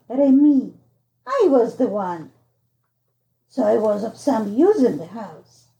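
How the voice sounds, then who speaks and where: A woman narrating a storybook in a measured, unhurried way. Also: a little high, creaky, mellow, reverberant, highs cut off. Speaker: audiobook narrator.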